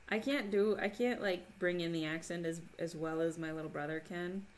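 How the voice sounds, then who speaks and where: Chatty woman hosting a crafting stream. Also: on the low side. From Minnesota, USA. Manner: chatty, laughs often, reads chat aloud. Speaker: livestream host. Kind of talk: casual livestream chat while crafting.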